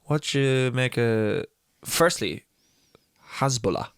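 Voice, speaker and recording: A young Irish man on a podcast, telling a story in a lively, casual way, swearing and laughing as he goes. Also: mid-range voice, slow, clear, resonant tone, no room sound, studio quality. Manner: animated storytelling, swears freely, laughs mid-sentence. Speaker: podcast co-host. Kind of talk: casual chat.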